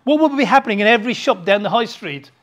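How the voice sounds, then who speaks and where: A preacher delivers a sermon with a lively, rising and falling pitch. He hammers home points with rhetorical questions, swinging from loud outbursts to quiet, hushed asides. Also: fast. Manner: emphatic, full of rhetorical questions.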